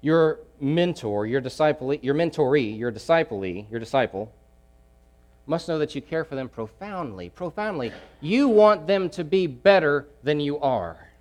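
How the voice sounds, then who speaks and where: A man preaching a sermon, emphatic, repeating key phrases and swinging between loud pushes and hushed asides. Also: on the high side, lively intonation, unhurried.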